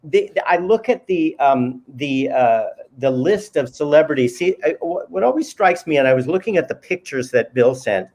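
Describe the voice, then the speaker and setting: A man's voice: fairly high pitch, animated, normal speed, hardly any pauses, a little mellow. A man hosting a casual interview chat, admiring his guests and searching for his words as he goes. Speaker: host.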